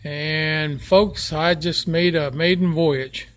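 An older man talking in a halting, heartfelt way as he films himself on a phone outdoors by a lake. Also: on the high side, fairly even intonation. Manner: halting, restarts often, heartfelt. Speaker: vlogger. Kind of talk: casual video diary. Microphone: handheld phone camera.

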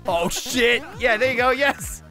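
Yelling, swearing man gaming. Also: very high voice, measured pace, over music. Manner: shouting, swearing, exasperated yelling. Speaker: video game player. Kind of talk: loud gaming banter.

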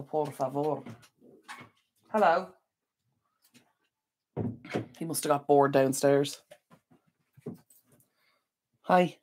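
Seated at a computer in a room at home, a decluttering channel host runs a casual livestream Q&A through a desk microphone. Her voice is extremely low and a little mellow. Still recovering from illness, she rambles, apologizes and gets easily sidetracked.

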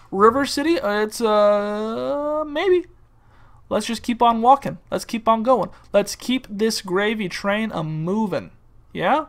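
A young man from California giving casual, rambling, joking commentary while playing a game. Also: high voice. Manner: rambling, joking, silly bits and mock-wildlife-presenter asides. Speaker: gaming video host.

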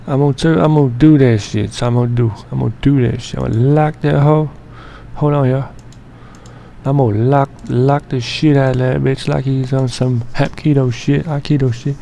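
A man talks through an editing session in loose, rambling commentary, heavy on slang and swearing. His voice is gravelly with plenty of fry. The tone sits dark and mellow rather than bright. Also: mid-range voice, steady tone, moderate pace, slight background noise. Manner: slangy, profane, joking and rambling. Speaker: editing tutorial narrator. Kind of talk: casual profane screen-recording commentary.

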